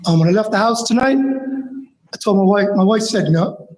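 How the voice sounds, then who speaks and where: A man's voice: high voice, lively intonation, moderate pace, a little mellow. A man in his fifties from Michigan, a longtime teacher and coach, giving an emotional, rambling public comment at a school board meeting. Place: large meeting room. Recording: echoey meeting hall.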